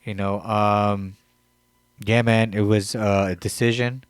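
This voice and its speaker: A man's voice: lowish voice, flat delivery, slow, smooth, no room sound. Laid-back man rambling on a podcast. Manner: laid-back, rambling, quotes others in mock voices. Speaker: podcast co-host. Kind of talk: casual chat.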